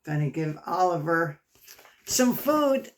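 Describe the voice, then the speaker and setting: Woman storyteller, slow unhurried reading, engaging, talks to the kids. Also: lowish voice, big pitch swings. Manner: engaging, asks the kids questions. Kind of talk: reading a picture book aloud to children.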